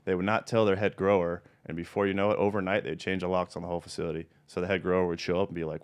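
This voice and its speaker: A podcast host spins his stories at a quick clip in a somewhat low voice. He is blunt and swears freely, and he tells them in a loose, animated way. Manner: profane, blunt, animated storyteller. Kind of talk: casual storytelling.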